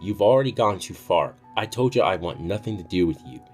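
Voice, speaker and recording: Brief: man voicing a young woman, curt and firm, near his own low voice. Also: expressive, brisk, darkish tone, faint music behind. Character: young woman refusing her ex firmly.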